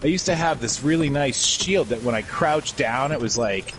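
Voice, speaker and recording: Lively joking man gaming with a friend. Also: mid-range voice, moderate pace, noisy background. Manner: joking banter, teasing asides. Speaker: gamer chatting with a friend. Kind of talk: casual chat while gaming.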